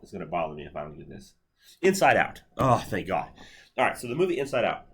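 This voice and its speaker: A man's voice: low-pitched, big pitch swings, fast talker, breathy edge. A man in his thirties giving a university lecture in a lecture hall, talking casually with many fillers and restarts. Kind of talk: classroom lecture.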